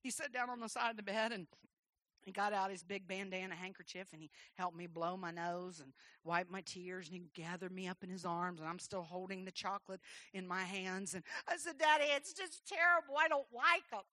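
A woman preaching a sermon, telling a childhood story in a soft voice and then rising into loud, shouted exhortation. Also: on the low side, little pitch movement, a little fast, dry recording.

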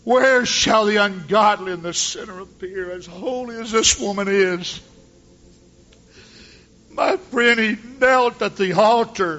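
Impassioned preaching man, bright voice. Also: high-pitched, dull audio. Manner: impassioned preaching, rising to shouts when quoting. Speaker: pastor. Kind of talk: sermon.

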